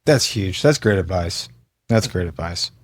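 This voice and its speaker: A man's voice: low-pitched, lively intonation, unhurried. A man co-hosting a podcast who mostly adds short, affirming remarks. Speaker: podcast co-host.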